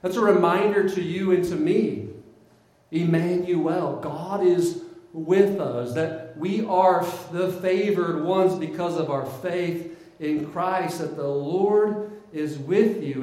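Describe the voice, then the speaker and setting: A male pastor preaching a sermon in a conversational, animated way in a church. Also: on the high side. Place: church sanctuary. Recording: very echoey hall.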